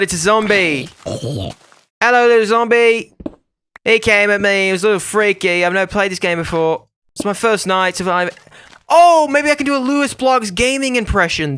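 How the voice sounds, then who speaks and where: A man's voice: sits high, animated, normal speed, sharp tone, clear, resonant tone. A man hosting his own gaming channel, giving casual, rambling, jokey commentary to himself while he builds in a game.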